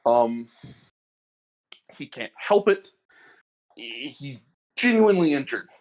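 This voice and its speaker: Speaking slowly at a medium pitch, this man co-hosts a podcast and casually tells a long story about his workday. His storytelling is animated, though he stammers now and then, mostly as he starts sentences.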